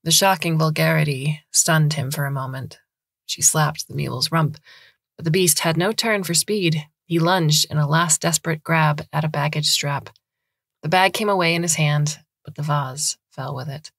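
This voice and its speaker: A woman narrating a short story in a measured, scripted reading. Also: low voice, fairly even intonation, creaky, fairly bright tone, dry recording, studio quality.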